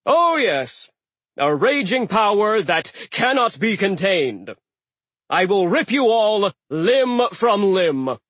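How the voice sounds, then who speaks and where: A male narrator doing an ancient sea giant god who booms his commands in a raised, husky voice and swings between genial hosting and pompous threats. He speaks slowly and grandly, as in a storybook. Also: big pitch swings, a bit bright, no echo, full character voice. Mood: menacing.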